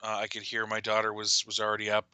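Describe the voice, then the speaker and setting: A middle-aged man co-hosting a casual chat show, animated and laughing as he tells a story. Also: on the low side, quick pace, clear, resonant tone, dry recording, low-quality recording. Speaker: co-host.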